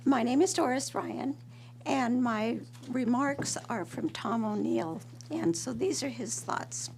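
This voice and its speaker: A woman with a high voice reads a statement slowly and earnestly at a council meeting. Her American speech stays measured, with a faint hum underneath. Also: animated, vocal fry, darkish tone. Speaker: public commenter. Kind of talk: reading a letter aloud at a council meeting.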